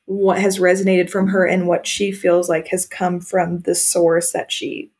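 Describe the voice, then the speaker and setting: A woman's voice: fairly low pitch, flat delivery, unhurried, darkish tone. A young woman co-hosting a podcast, candidly telling a personal story in casual chat. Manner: candid, emotional storytelling with frequent "like" fillers. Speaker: podcast co-host.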